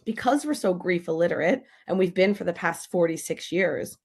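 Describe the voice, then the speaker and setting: A woman talking on a podcast as a grief expert, her voice carrying a gravelly, fried edge. She speaks with emphatic energy and slips into little acted-out voices to make her points. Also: lowish voice, moderate pace. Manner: animated, emphatic, acts out quoted voices. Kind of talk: podcast interview.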